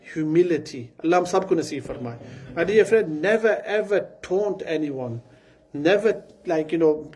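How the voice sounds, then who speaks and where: A man preaching a sermon, telling a story earnestly and breaking into quick Arabic recitation. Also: high-pitched, a little mellow, slightly rough.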